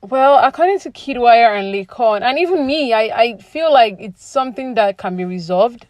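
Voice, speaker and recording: A woman's voice: a little high, lively intonation, moderate pace, a little mellow, no room sound. A woman giving a chatty, opinionated recap of reality TV, full of "you know" and "like". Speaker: reality TV commentary vlogger. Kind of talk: casual recap commentary.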